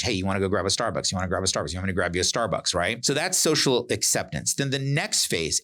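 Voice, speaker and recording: A man in his forties hosting a podcast, telling a story in a casual, animated way and acting out the dialogue he quotes. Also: mid-range voice. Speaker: podcast host.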